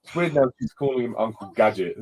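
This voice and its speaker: A man's voice: medium pitch, animated, fast, a little mellow, rough recording. A man casually commentating on a film, blunt and scornful in his judgments.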